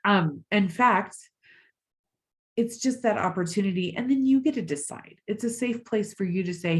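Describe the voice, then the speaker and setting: A woman's voice: mid-range voice, normal speed. A middle-aged woman life coach giving a motivational master class, emphatic and encouraging, with the odd casual swear word.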